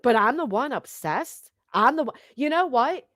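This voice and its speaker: An indignant woman rants straight into a close mic, her voice sitting a little high and bone-dry with no room sound. She is sarcastic and profane and keeps firing off pointed rhetorical questions. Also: animated, moderate pace, a bit bright, dry recording. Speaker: online commentator. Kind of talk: heated ranting commentary.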